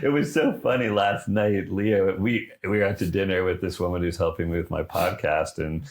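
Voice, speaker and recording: A man's voice: low voice, fairly even intonation, normal speed. A man hosting a podcast, chatting candidly and openly, laughing often and swearing casually. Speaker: podcast host. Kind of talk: casual interview chat.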